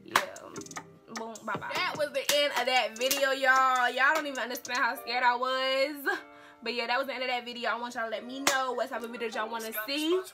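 A young woman speaking recounts a story for her vlog in an animated, dramatic way, repeating her lines for emphasis. Her voice sits a little high, and loud music plays behind her throughout. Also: a little fast. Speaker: vlogger.

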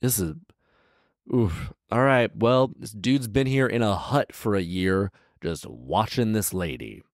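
A man's voice: lowish voice, expressive, a little slow, no echo, studio quality. A man reading a fairy tale aloud with sarcastic, exasperated comedic commentary. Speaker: storyteller and podcast host.

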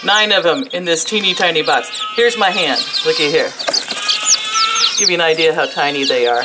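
A woman's voice: low-pitched, moderate pace, very noisy. An older woman vlogging at home, talking sweetly to her animals in baby talk. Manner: coos and baby-talks to the animals, laughs often. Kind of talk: casual vlog, talking to animals.

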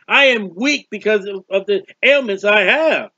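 A man's voice: high-pitched, brisk, no room sound, dull audio. A man preaching a sermon, reading scripture aloud and explaining it, drawing out words for emphasis. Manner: expressive Bible reading with commentary, stretches words.

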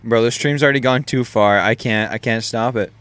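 A young man hosting a casual gaming session, joking and trash-talking friends and breaking into loud shouts. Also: mid-range voice, a little fast, smooth, no room sound. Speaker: gaming YouTuber.

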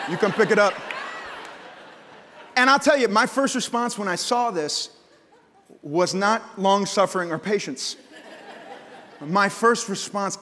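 A man in his thirties preaching a sermon, telling stories and acting out voices, swinging from loud outbursts to hushed prayer. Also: high-pitched, slight background noise. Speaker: pastor. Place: large church hall. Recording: church hall with long reverb.

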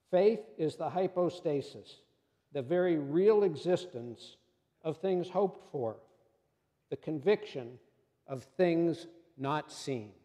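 A man preaching a sermon in a measured, solemn way and telling a story to close it. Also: on the high side, warm tone, in a large hall.

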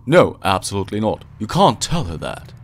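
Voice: deep voice, sing-song, moderate pace, a little hiss or hum. A gamer voicing a stern male asylum doctor, firm and curt while reading game dialogue aloud.

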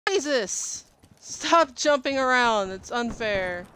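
A woman's voice: on the high side, animated, slow, smooth, dry recording. A young adult woman streaming gameplay, frustrated and cursing at opponents as she plays. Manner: frustrated, swearing, shouting at opponents. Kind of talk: live gameplay commentary.

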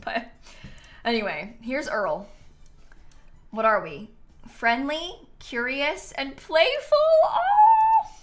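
Woman streamer, casual and giggly, sits a little high in pitch. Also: sing-song, slow pace, pauses often, a bit bright. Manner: chatty, giggly, talks to chat. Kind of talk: casual gameplay commentary.

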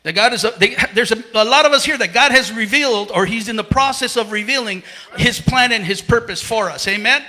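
Out of breath preacher guy, super bright voice, keeps restarting his words mid-sermon. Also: very high-pitched, brisk. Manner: repeats words and restarts often. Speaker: pastor. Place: church.

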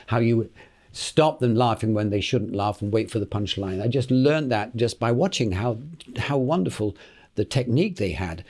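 Elderly British actor, guest raconteur, medium pitch, chuckles, repeats himself, mimics others. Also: male voice. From Britain. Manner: lively raconteur, acts out the voices in his anecdotes, chuckling, repeats words. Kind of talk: anecdotal interview storytelling.

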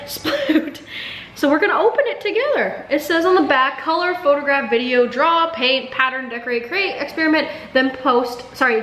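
A bubbly young woman with a high, bright voice chats casually to camera, now and then slipping into sing-song baby talk for her dog. There is a faint hiss of noise under the recording. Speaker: vlogger. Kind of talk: casual vlog chat.

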